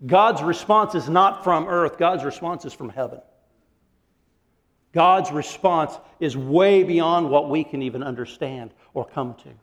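A man preaching a sermon as pastor, animated, acting out quotes and laughing often. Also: on the high side, measured pace. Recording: long hall reverb.

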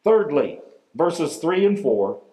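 A man preaching with a high, light voice, slow and deliberate, leaning hard on key words. The sound rings around a roomy hall. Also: sing-song, warm tone. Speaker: pastor. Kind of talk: sermon. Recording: echoey room.

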